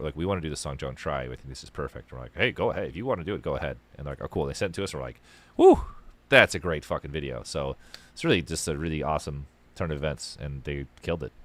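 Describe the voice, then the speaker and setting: A man's voice: rumbling low, rapid-fire, fairly bright tone. A man hosting a casual call-in livestream show, rambling and swearing as he tells stories. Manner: rambling, profane, storytelling. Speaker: podcast host taking calls.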